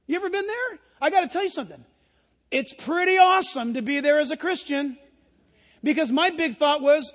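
A man preaching a sermon as pastor, animated, swinging from hushed lines to near-shouting. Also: extremely high pitch, fairly quick. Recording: long hall reverb.

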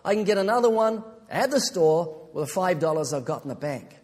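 A man's voice: on the high side, expressive, brisk, a little mellow, in a large hall, close to an everyday voice. A man voicing a flippant young boy who speaks in a breezy, offhand way.

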